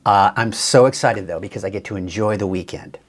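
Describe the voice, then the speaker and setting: A man's voice: on the low side, a little fast. A man giving a casual, chatty live weather forecast as a TV meteorologist, upbeat and a bit tired, with many fillers and restarts.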